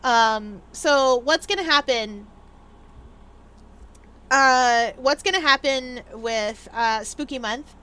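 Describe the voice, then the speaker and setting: Young woman, gaming streamer, casual rambly chat, high pitch, bright tone. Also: smooth. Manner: chatty, rambling, with many fillers.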